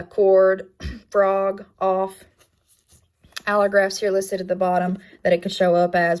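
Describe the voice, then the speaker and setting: Flat-voiced woman presenting a class project. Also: mid-range voice. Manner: plain, with frequent um and uh fillers. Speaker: student presenter.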